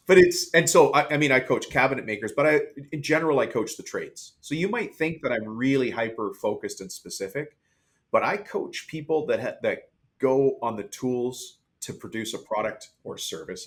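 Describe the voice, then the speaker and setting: A man's voice: medium pitch, a little fast, fairly bright tone. Plain-voiced man telling stories candidly. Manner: candid, storytelling, mimics others in quotes. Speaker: podcast guest, business coach. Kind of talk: conversational interview.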